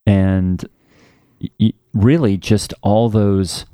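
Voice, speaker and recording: A man co-hosting a comedy podcast in a slow, halting, deadpan manner. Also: fairly low pitch, no room sound, studio quality. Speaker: co-host.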